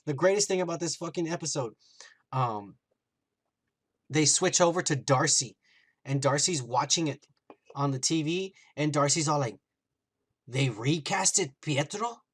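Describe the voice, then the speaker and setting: A man's voice: on the high side, normal speed, pauses often. Podcast host, male, casual and profane, acts out quotes while recapping an episode. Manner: animated, profane retelling with acted-out quotes.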